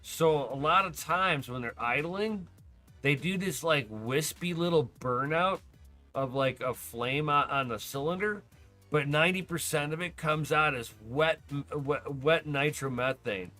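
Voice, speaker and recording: A man hosting a podcast in casual chat, telling stories excitedly, swearing a lot and laughing often. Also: fairly high pitch, a little slow, faint music behind. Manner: profane, excitable storyteller who laughs often. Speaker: podcast host.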